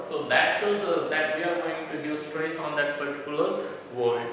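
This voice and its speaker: A man from India teaching a college English lesson, explaining terms slowly and often restarting or repeating words. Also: high voice, a bit bright. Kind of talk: classroom lecture. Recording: echoey room, from a distance, faint ambience.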